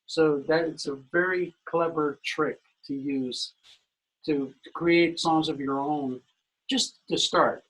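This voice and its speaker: A man with a fairly high, husky voice talks through songwriting craft as a guest on a video call webinar. His explanations are loose and conversational, full of "you know" fillers. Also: steady tone, slow pace, a bit bright, rough recording. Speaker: musical director, guest expert.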